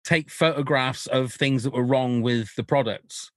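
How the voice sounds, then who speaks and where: A man's voice: mid-range voice, unhurried, fairly bright tone, dry recording. A man hosting a casual chat, joking and laughing often, with frequent restarts. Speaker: podcast host.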